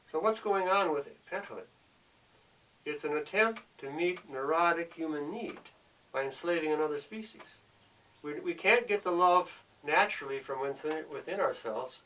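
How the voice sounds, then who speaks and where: Earnest preachy guy lecturing, kinda high voice, mic a bit far off. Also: expressive, normal speed, pushed and bright. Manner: earnest, preachy, repeats himself. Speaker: speaker of the show. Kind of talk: preachy monologue.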